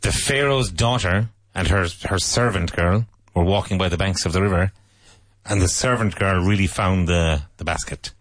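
A man co-presenting a radio English lesson, explaining calmly and slipping in deadpan jokes. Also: low voice, moderate pace, no echo.

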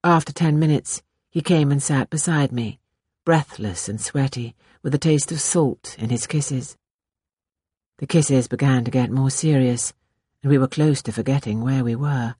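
A woman narrating a novel in the first person, in a measured, intimate reading style. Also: rumbling low, mellow, slightly rough, no echo, studio quality. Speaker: audiobook narrator. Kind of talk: scripted narration.

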